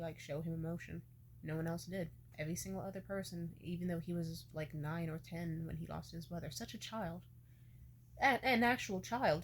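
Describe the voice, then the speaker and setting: A woman's voice: fairly low pitch, darkish tone, slight background noise. A young woman in her twenties telling a personal story in a casual way, candid and emotional, swearing freely. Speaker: vlogger.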